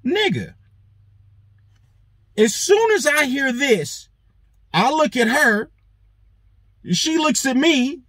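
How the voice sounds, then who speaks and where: High, lively profane male storyteller. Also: no room sound. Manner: animated, swears heavily, acts out quoted lines. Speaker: show host.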